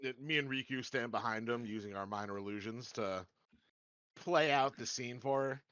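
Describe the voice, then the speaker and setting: A man's voice: medium pitch, moderate pace, a bit bright, no echo. A man playing a tabletop game who jokes casually and laughs often. His mic sounds dull and lo-fi. The sound is dry, with no room around it. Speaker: player.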